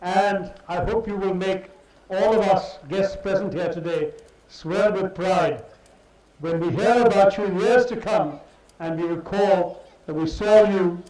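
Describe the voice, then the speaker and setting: A man delivering a ceremonial speech to students, telling a story in a measured, oratorical way with dramatic pauses. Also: high voice, darkish tone. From India. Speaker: chief guest speaker. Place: large hall. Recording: echoey hall, from far off.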